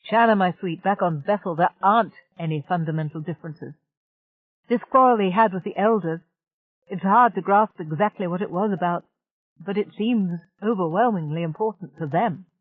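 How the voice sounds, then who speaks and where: A woman doing a calm, teasing station mind. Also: lowish voice, normal speed, no room sound, close to an everyday voice. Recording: dry, tinny narrow-band audiobook.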